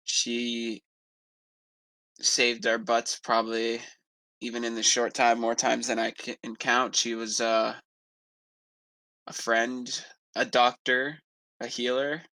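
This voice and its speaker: A man playing a grieving, protective male adventurer, telling a slow, halting story in character during a tabletop role-play. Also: mid-range voice, flat delivery, pushed and bright, dry recording, low-quality recording. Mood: somber.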